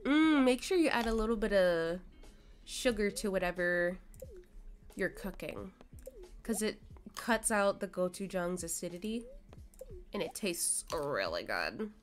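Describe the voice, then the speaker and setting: A woman's voice: mid-range voice, animated, measured pace, long pauses, faint music behind. A woman streamer chatting casually with her viewers while she plays a cozy farming game. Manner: chatty, reads and answers chat. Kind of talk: casual gameplay chat.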